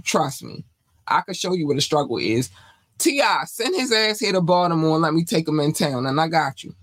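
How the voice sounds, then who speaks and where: A woman's voice: fairly low pitch, no echo, rough recording. Blunt, scolding podcast host woman. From North Carolina, USA. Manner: scolding, blunt and profane rant. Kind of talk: entertainment news podcast commentary.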